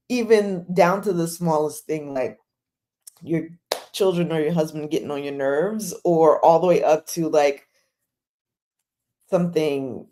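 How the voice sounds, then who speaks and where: A woman's voice: low-pitched, dark tone. A woman hosting a casual live chat, rambling with lots of "like"s and talking straight to her viewers. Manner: chatty, rambling with many "like"s; talks straight to the chat audience. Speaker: host of a drama chat show.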